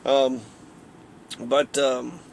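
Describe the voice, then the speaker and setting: A man's voice: medium pitch, flat delivery, very slow, vocal fry, a little hiss or hum. A man giving a casual, heated political rant, rambling and swearing often. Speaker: political commentator.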